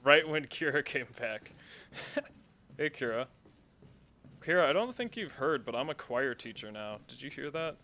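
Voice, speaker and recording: A man's voice: mid-range voice, lively intonation, normal speed, bright, forceful tone. A man streaming a horror game, giving casual commentary full of swearing and sarcastic reactions.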